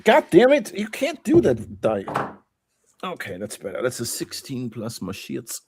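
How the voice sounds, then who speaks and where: A man's voice: mid-range voice, wildly swooping pitch, unhurried, background noise. A man playing a tabletop game, blunt and joking in casual table talk. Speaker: player.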